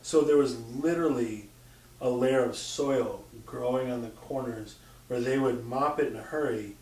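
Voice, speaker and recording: A man with a medium-pitched, darkish voice recounts stories at a moderate pace during casual conversation. He swears freely and acts out quotes and sounds. The sound is roomy, coming from a distant mic.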